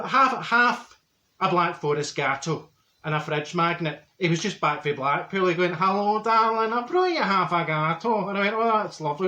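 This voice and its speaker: Man in drag as a chatty, high-voiced Glaswegian auntie, rambling and gushing, in an echoey room. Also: bright, forceful tone. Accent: Glaswegian Scottish. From Glasgow, Scotland. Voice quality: chatty, repeats and stumbles over words, gushing. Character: brash chatty Glasgow woman, straight-talking gossip. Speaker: comedy character. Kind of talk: comic monologue. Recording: roomy echo.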